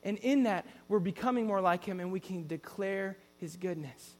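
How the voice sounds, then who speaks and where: A man's voice: high-pitched, normal speed, big-room sound. A man preaching a sermon in an earnest storytelling way, often restarting his sentences.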